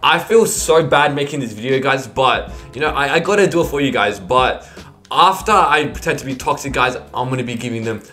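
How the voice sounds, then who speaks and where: A man's voice: medium pitch, animated, brisk, sharp tone, faint music behind. A man doing casual gaming commentary as a YouTuber, rambling and stammering, saying 'bro' constantly.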